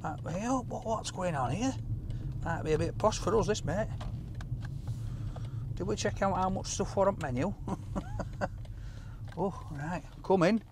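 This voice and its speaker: Food vlog guy joking around, bit high voiced, loud whoops, faint noise behind. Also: a little slow, long pauses. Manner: jokey, loud exclamations. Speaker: food vlogger host. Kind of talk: casual vlog chat. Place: car, then outdoors. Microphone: camera held by a cameraman.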